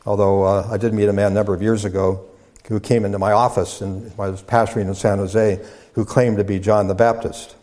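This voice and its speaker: A man, a pastor, delivering a teaching sermon in a measured way, with fillers and repeated words as he builds his points. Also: fairly low pitch, little pitch movement, darkish tone. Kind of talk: sermon lecture.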